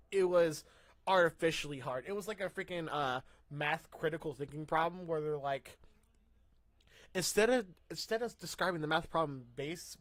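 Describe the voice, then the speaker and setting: Young male podcast host, bright tense higher voice, rambling rants with laughs, dry close mic. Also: no echo. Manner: rambling, excitable, ranting with laughs. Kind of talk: casual podcast chat. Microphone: mic through a soundboard.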